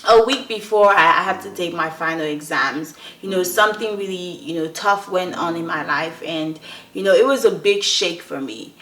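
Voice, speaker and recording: A woman's voice: on the low side, moderate pace, a bit bright. A young woman from Nigeria, earnestly telling a personal story to her viewers and often checking in with them. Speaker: vlogger. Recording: roomy echo.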